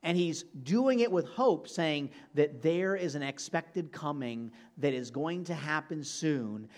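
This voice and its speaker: A man's voice: fairly high pitch, lively intonation, a little slow. A man preaching a sermon, speaking earnestly and directly to his congregation. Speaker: pastor.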